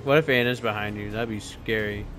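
A man hosting a casual let's-play, excitable and often yelling and repeating himself. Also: fairly low pitch, fairly quick, soft background music. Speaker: gaming channel host.

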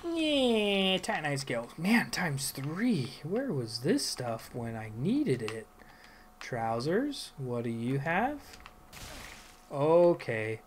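This gameplay video host gives casual let's play commentary over his own playthrough, muttering to himself in rambling asides and then swearing loudly at enemies. His voice is a little high and sing-song, the pace slow, with slight background noise.

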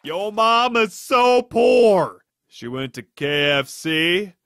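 A narrator reading joke after joke in an over-the-top animated comedy delivery. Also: mid-range voice, takes it slowly, slight background noise.

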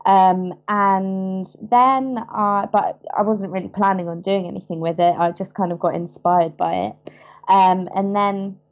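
A woman's voice: medium pitch, fairly even intonation, measured pace. Chatty southern English woman, slightly muffled. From England. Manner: chatty, hesitant with many ums. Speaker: guest, business founder. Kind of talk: casual interview.

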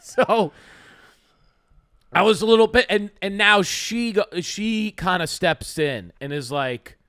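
A man's voice: sits high, takes it slowly, fairly bright tone, clean tone, no echo, studio quality. A man co-hosting a comedy podcast, telling a rambling story full of fillers and acting out the lines he quotes.

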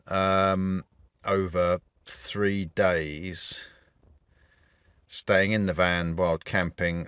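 A man's voice: low-pitched, fairly bright tone, clear, resonant tone, no room sound. A man narrating a campervan travel vlog in a casual, wry, understated way. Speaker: vlogger. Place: campervan trip outdoors.

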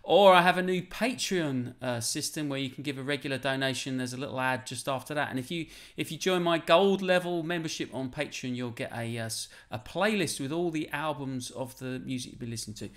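A man's voice: mid-range voice, fairly quick, hardly any pauses, a bit bright. A man hosting a casual live-streamed interview, chatty and full of fillers, often addressing his viewers. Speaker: host.

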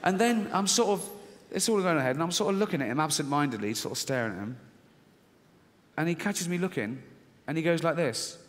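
A middle-aged man with a fairly high voice tells a stand-up story on stage, acting out the arguing voices in his head. His delivery is lively, with big swings in tone. The mic carries the long reverb of a big theatre. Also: a little fast. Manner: animated storytelling, acts out his inner voices. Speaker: stand-up comedian. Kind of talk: stand-up comedy routine. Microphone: stage microphone.

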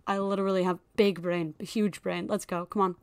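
An excitable young woman talking her way through a video game session at her desk mic. She chatters along with frequent squeals and laughs, and there is keyboard typing behind her. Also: lowish voice, fairly quick, clean tone. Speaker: gaming YouTuber. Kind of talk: casual gameplay commentary.

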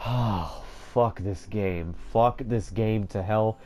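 A man doing live gameplay commentary, raging, swearing and yelling in frustration. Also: on the low side, slow, slight background noise. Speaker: gamer streamer.

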